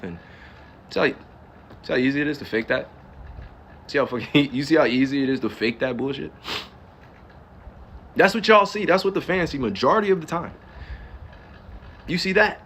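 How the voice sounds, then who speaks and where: A man's voice: a little high, lively intonation, brisk, long pauses, fairly bright tone, slight background noise. A man in his thirties from New Jersey, ranting on a live stream in casual talk. He fires off emphatic rhetorical questions, swears freely and laughs now and then. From New Jersey, US East Coast. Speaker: livestreamer.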